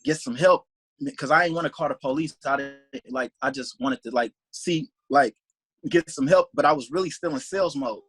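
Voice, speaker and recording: Fast, bright-voiced young man telling a story. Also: medium pitch, a little hiss or hum, poor audio. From Detroit, USA. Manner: rambling, animated, heavy use of "like", acts out quoted speech. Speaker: interview guest, salesman. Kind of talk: casual storytelling in an interview.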